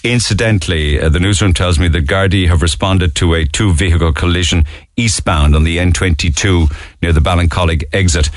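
A man with a Cork accent hosting a radio show, running through the day's papers and announcements in a chatty, animated way with quick asides. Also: low voice, no echo. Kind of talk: radio newspaper review and announcements. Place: radio studio. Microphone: studio microphone.

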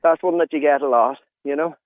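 A man's voice: a little high, brisk, dry recording. A man with a Donegal Irish accent, chatting as a radio guest and rambling with lots of fillers. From Donegal, Ireland. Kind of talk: radio phone-in chat. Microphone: telephone line. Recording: tinny phone line, dry.

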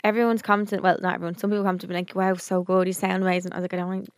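A young woman co-hosts a chatty podcast, rattling off a story at a quick clip. She is animated and swears casually. The sound is close and dry, with no room around it. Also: on the low side, dry recording. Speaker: podcast co-host. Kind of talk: casual chat.

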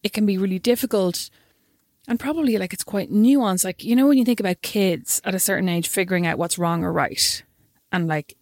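A woman's voice: medium pitch, brisk, darkish tone, no echo, studio quality. A woman, co-hosting a casual chat podcast and telling stories with frequent giggles. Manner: giggly storyteller. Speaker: podcast co-host.

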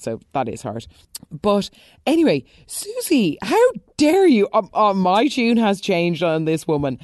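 A woman chatting casually through a TV soap recap, animated and opinionated, with quick asides and exclamations. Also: low voice, no echo, studio quality.

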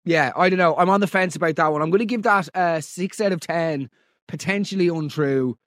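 An Irish man hosting a podcast, mocking listener stories in comic commentary with big theatrical swings in pitch. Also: a little fast, a bit bright, no echo, studio quality. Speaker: podcast host.

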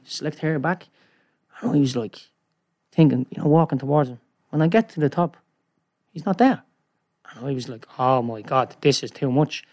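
Rambling, excitable man telling a story. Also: a little high. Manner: rambling, excitable, tag questions like "right?". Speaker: guest. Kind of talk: animated storytelling in casual chat.

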